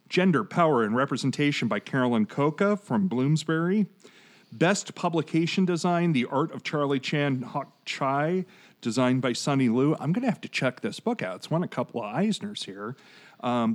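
Man in his forties, easygoing podcast host, middle-pitched voice, chatty, drifts into side stories. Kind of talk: casual chat, announcing award winners.

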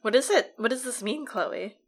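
A woman's voice: fairly high pitch, moderate pace. A woman co-hosting a casual podcast, teasing her partner with playful interjections. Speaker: podcast co-host. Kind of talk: casual chat.

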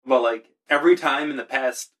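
Bright-voiced man cracking dry jokes. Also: mid-range voice, a little fast. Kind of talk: casual profane banter.

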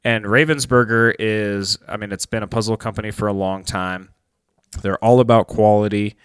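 Low, smooth-voiced rambling podcast host. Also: male voice, steady tone, moderate pace, dry recording. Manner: rambling, filler-heavy, enthusiastic. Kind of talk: casual podcast chat.

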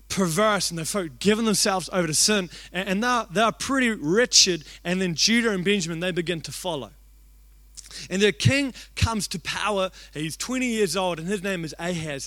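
Excitable young New preacher, high voice. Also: male voice, dry recording. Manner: excitable, fast-talking, shouts out quoted lines. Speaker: youth pastor. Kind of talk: energetic sermon storytelling. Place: church hall.

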